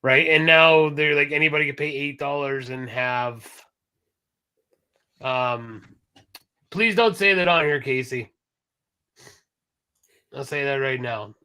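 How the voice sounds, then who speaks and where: A man co-hosting a casual podcast, talking in an animated way and swearing freely. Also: medium pitch, slow pace, pauses often, clear, resonant tone. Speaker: podcast co-host.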